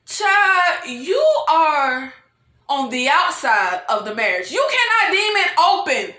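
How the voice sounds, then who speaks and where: Excitable high-voiced woman ranting. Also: slow pace, roomy sound. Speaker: TV review vlogger. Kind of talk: animated casual recap rant.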